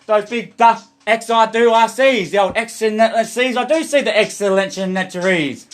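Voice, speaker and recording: A man's voice: high-pitched, normal speed, few pauses. An Australian man livestreaming a rambling, profane, stream-of-consciousness monologue.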